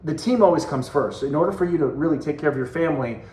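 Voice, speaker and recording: A man in his forties delivers a motivational talk to his sales team, earnest and conversational, driving points home by repeating them. His voice sits a little on the high side. The sound carries a noticeable roomy echo. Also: fast talker, darkish tone, a little hiss or hum. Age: 40s. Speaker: direct sales team leader and coach.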